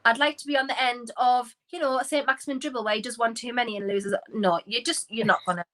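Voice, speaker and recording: Bright-voiced woman talking football. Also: a little high, rough recording. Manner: animated, opinionated, quick asides. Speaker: podcast co-host. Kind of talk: casual football banter.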